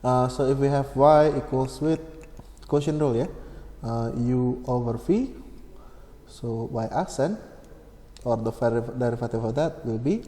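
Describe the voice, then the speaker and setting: A man explaining a maths problem step by step, slow and methodical, with many fillers and self-corrections. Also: medium pitch, mellow. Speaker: maths tutor. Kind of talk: screen-recorded maths lesson. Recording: echoey room with long reverb, faint hum.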